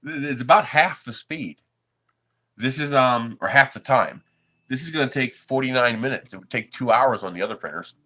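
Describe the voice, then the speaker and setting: A man's voice: mid-range voice, expressive, normal speed, bright, forceful tone. A man from the United States hosting a 3D printing livestream, chatting casually with his viewers and chuckling often.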